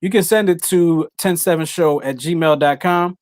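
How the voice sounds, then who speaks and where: A man's voice: on the high side, normal speed, no room sound, studio quality. A man co-hosting a casual podcast chat, laid-back and slangy. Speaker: podcast co-host.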